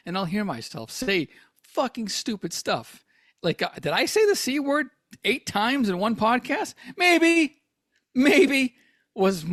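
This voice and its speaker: A man with a high voice who rambles through a comedy podcast, mocking himself and stalling on fillers. The sound is dry and close, with no room around it. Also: no echo. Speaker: podcast co-host. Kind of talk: casual comedic chat.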